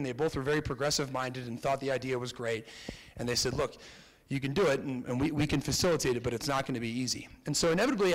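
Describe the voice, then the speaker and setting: A young American man from Connecticut giving a storytelling talk as a keynote speaker, animated, lifting his voice for quoted lines. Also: medium pitch. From Connecticut, USA. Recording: reverberant hall.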